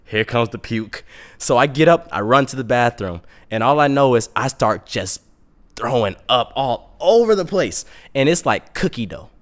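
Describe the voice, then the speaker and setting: A young man telling a comic story in a casual, animated, self-mocking way. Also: medium pitch, moderate pace.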